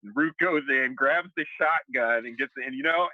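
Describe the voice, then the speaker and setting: A man's voice: on the high side, moderate pace, no room sound, dull audio. A man co-hosting a casual TV aftershow, laughing often and acting out characters' lines as he recaps. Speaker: aftershow co-host.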